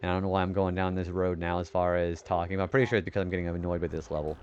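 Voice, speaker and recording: A man's voice: low-pitched, fairly even intonation, rapid-fire, muffled recording. A young man streaming a retro game, rambling casually about his day and swearing when he misses a turn. He describes his own voice as nerdy. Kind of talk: casual gaming stream chat.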